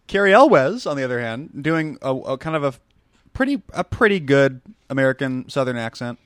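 A man's voice: medium pitch, sing-song, moderate pace, a bit bright, no room sound. A man co-hosting a movie podcast, asking playful questions in casual talk. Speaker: podcast co-host. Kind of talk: casual movie commentary chat.

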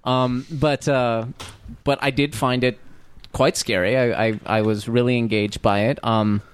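A man's voice: medium pitch, steady tone, a little slow, smooth. A man talking casually about a movie, hesitant and full of restarts. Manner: hesitant, many restarts and ums.

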